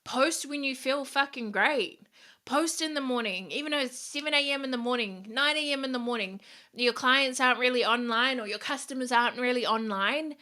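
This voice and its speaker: Bright-voiced woman, blunt and swearing. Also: sits high, moderate pace. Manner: blunt, frequent swearing, upbeat and direct. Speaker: podcast host. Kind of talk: casual motivational podcast talk.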